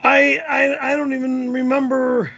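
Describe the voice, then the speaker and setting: A man, a regular on a live stream, talking in a flustered, stammering way with a gravelly, husky voice. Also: extremely high pitch, flat delivery, measured pace, sharp tone, muffled recording. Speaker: show regular.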